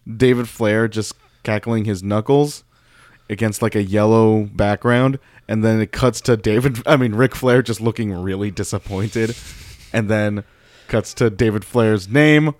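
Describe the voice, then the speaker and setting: A man's voice: fairly low pitch, unhurried, darkish tone, dry recording. A man co-hosting a podcast, chatting casually and rambling with fillers and laughs. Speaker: podcast co-host. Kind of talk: casual wrestling recap chat.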